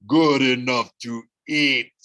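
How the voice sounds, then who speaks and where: A man voicing a huge, half-blind male cyclops who makes slow, loud demands. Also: mid-range voice, steady tone. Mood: demanding.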